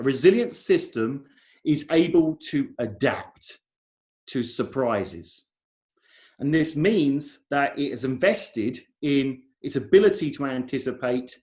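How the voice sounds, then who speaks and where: Emphatic English man giving a lively talk. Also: fairly high pitch. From England. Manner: emphatic, repeats key points. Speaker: conference speaker. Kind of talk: technical conference talk. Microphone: video call.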